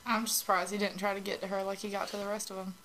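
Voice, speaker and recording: A woman co-hosting a casual show recap, talking quickly and chattily. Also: mid-range voice, flat delivery, a crowd in the background, low-quality recording. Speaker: podcast co-host. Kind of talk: casual chat.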